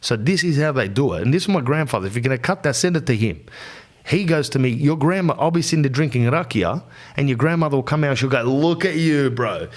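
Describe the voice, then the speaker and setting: A man's voice: mid-range voice, quick pace. An Australian man in middle age hosts a casual podcast, spinning a story in loose, slangy talk. He throws in "bro" constantly and acts out other people's lines as he goes. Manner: animated, slangy, says "bro" often, acts out quotes. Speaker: podcast host.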